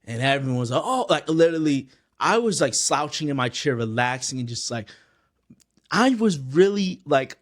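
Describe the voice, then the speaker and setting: A man's voice: mid-range voice, expressive, normal speed. A man giving a casual spoken film review, earnestly retelling the scenes with lots of filler words.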